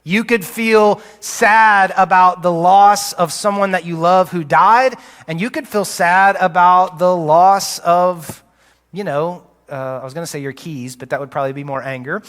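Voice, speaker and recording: A male pastor preaching a sermon, conversational and teaching, with quick asides, recorded live in a church auditorium on a stage mic. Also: high voice, fairly bright tone. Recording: live church hall reverb.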